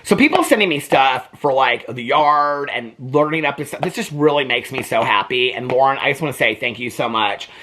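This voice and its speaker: A man from Indiana casually vlogging as he unboxes mail, gushing with excitement and breaking into asides while reading aloud. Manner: gushing and excitable, voice jumps high when delighted; reads aloud haltingly with asides.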